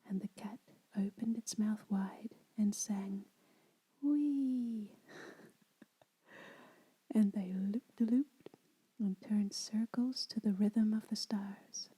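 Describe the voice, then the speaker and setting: Slow breathy whispering woman. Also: mid-range voice, level tone, poor audio. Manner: soft, unhurried whisper. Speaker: ASMR storyteller. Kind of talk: whispered ASMR story reading.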